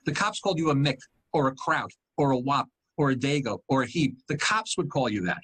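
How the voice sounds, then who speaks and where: Quick-talking comedian in his sixties. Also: medium pitch, slightly rough. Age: 60s. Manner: quick, animated storyteller. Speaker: guest comedian. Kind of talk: casual chat, telling stories.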